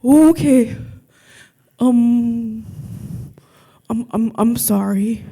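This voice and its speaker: A woman's voice: on the high side, drawn-out words, slightly rough, heavily acted. A woman putting on a dim stammering thug. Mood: confused. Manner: stammering, repeats himself; loud, blunt thug voice. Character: dim-witted stammering young male intruder.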